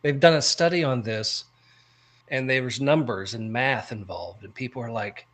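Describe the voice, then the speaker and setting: A man from the United States co-hosting a casual podcast chat, with a bright, forceful tone. He spins long stories full of ranting asides and keeps his pitch in an ordinary middle range. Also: moderate pace. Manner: animated storyteller, ranting asides. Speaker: podcast co-host.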